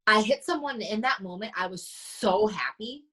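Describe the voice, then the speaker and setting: Appearing as a guest on a casual podcast, a woman mindset coach recounts stories animatedly, voicing the people she quotes. Her mid-range voice is husky yet fairly bright, delivered at normal speed, in a low-quality recording.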